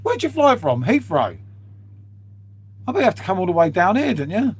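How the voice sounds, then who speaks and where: A man's voice: high voice, huge pitch swings, normal speed, breathy edge. A man chatting casually with viewers on an early-morning live stream, swearing freely and calling everyone mate.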